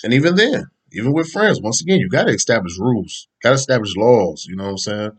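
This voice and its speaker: A man's voice: mid-range voice, animated, quick pace, breathy edge. A man hosting a podcast, talking in a loose, rambling, slangy way and laughing often. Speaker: podcast host. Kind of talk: casual opinion talk.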